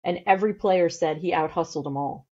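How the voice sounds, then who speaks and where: A woman's voice: lowish voice, warm tone, slightly rough, dull audio. A middle-aged woman from St. Louis, a podcast guest speaking in a blunt, candid way. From St. Louis, USA. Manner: blunt, candid and fast-talking. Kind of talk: casual interview talk.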